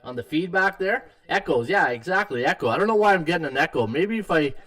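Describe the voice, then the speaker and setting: A man's voice: on the high side, lively intonation, fast talker, fairly bright tone, recorded from a distance. A middle-aged man hosting a live sports betting stream in casual chat, full of fillers and restarts. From Canada. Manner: chatty, many fillers and restarts. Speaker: sports betting podcast host. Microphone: desktop mic. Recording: tinny echoey home stream mic.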